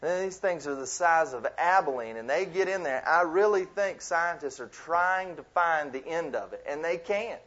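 A man giving a sermon as a youth minister, in lively, conversational preaching with asides. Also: fairly high pitch, normal speed, hardly any pauses. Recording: dull lo-fi sound.

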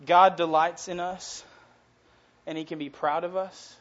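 A man's voice: a little high, level tone, a little slow, fairly bright tone, lo-fi sound. A young man in his twenties preaching a casual, earnest sermon that swells into passionate emphasis. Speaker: youth preacher.

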